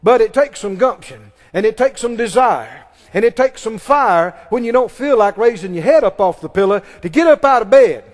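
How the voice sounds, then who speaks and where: Brief: high-pitched male pastor, emphatic sermon delivery, call-and-response, long hall reverb. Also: lively intonation, moderate pace, hardly any pauses. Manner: emphatic preaching, leads the congregation in call-and-response.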